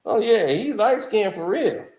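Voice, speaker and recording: High-voiced guy reviewing music real slow and casual, lots of laughing and jabs, echoey room. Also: sing-song, a little mellow. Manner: laughs often, mocking asides. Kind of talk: casual opinionated commentary.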